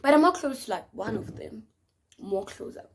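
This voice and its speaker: A young South African woman telling a dramatic story in a casual vlog, with slang and an animated manner. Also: a little high, normal speed. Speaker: vlogger.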